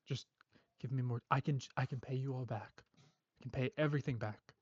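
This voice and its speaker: A man voicing a frightened man who pleads in a quiet, hesitant voice. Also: medium pitch, fairly even intonation, a little fast, slightly rough, no echo, dull audio, natural voice. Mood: pleading.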